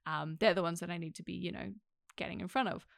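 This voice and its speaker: A woman's voice: lowish voice, steady tone, fast talker, vocal fry, dry recording, clean studio sound. A young woman, chatting animatedly as a podcast guest and laughing often. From Australia. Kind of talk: casual podcast chat.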